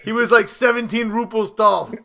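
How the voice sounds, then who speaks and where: A man's voice: sits high, fairly even intonation, moderate pace, creaky, bright, forceful tone, full character voice. A man putting on a Russian accent to voice a boastful giant boxer who brags in broken English. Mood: boasting. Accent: Russian, put on. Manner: broken-English bragging, mock-menacing.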